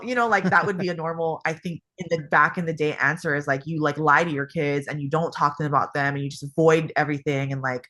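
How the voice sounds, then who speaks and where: Bright, rambling woman from Hawaii. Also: sits low, fairly even intonation, fast talker, few pauses. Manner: rambling, lots of "like" fillers. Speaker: guest. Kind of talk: casual podcast chat.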